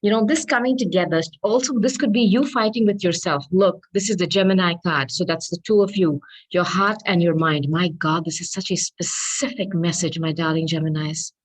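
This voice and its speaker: A woman's voice: lowish voice, moderate pace, rough recording. A woman giving a tarot reading, speaking earnestly and affectionately to her listeners and calling on angels. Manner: spiritual, invokes angels. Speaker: tarot reader.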